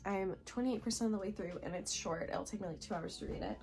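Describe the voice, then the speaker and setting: A young woman in her twenties talking excitedly to camera about books at home, gushing with lots of filler words. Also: mid-range voice, fast. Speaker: book vlogger. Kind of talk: casual reading vlog chat.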